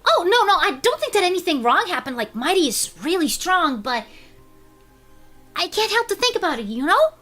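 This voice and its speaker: A man's voice: extremely high pitch, very animated, sharp tone, soft background music, pitched above the performer's own voice, full character voice. A man doing a fretful little boy squirrel. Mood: worried. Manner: anxious, quick and fretful.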